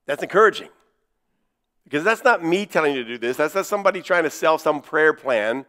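A male pastor preaching a sermon in a church, stressing key words by slowing down and repeating them. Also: on the high side, expressive, a bit bright.

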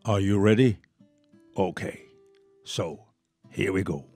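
An older man whose first language is Dutch, reading a children's story aloud to listeners in an expressive way. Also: low voice, takes it slowly, soft background music. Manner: lively, expressive, warm read-aloud.

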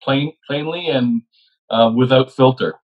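A man talking casually with a medium, answering in quick, brief reactions. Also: medium pitch, muffled recording. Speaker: client of a medium. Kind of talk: casual conversation.

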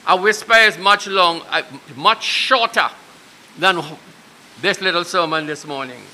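A man leading a funeral prayer and sermon, earnest and repeating key lines slowly for emphasis. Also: high voice, pushed and bright, slight background noise. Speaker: minister leading a funeral service. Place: funeral service.

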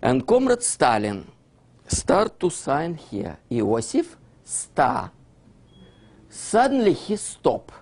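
A man with a Russian accent, not a native English speaker, giving an animated lecture, dropping articles and constantly checking in with "yeah?". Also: on the high side, slow, slightly rough. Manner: keeps asking "yeah?" to check his listeners; non-native grammar, drops articles.

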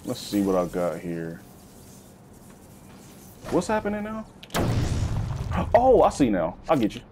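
A man giving casual, slangy let's-play commentary, swinging between high yelps and low growls. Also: measured pace, slight background noise. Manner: animated, slangy, swings into high-pitched bits and deep growls. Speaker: gaming YouTuber.

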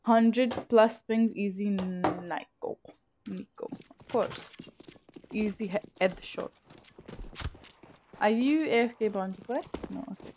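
A woman's voice: medium pitch, slow pace, pauses often, a little mellow, slight background noise. A young woman streaming a shooter game, chatting casually and swearing freely into a headset mic, shrieking when she misses a kill. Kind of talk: casual live gameplay commentary. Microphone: gaming headset.

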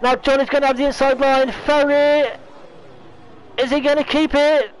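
A very high-pitched man calls a sim race in a rush, stumbling and correcting himself as he goes. His voice is fraying, and a faint hiss sits under the recording. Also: low-quality recording. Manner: excitable, talks fast with restarts and self-corrections. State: losing his voice, hiccups. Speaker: race commentator. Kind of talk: esports racing commentary.

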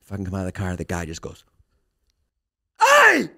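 A middle-aged man co-hosting a podcast, telling a profane story in an animated way and acting out voices. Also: low voice, very fast. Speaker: podcast co-host. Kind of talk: casual storytelling chat.

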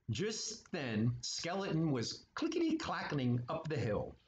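A man's voice: a little high, wildly swooping pitch, measured pace, hardly any pauses. A man reading a children's storybook aloud with playful, chatty asides. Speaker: storytime reader at art studio. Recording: echoey room, muffled, faint hiss.

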